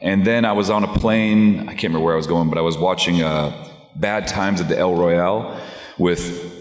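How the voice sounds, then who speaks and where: Deep-voiced man, impressionist, laughs a lot, echoey convention hall, long reverb. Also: moderate pace, faint music behind. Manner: enthusiastic, laughs a lot, animated storyteller. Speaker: voice actor and impressionist. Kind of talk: live convention panel talk. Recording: echoey hall, live event.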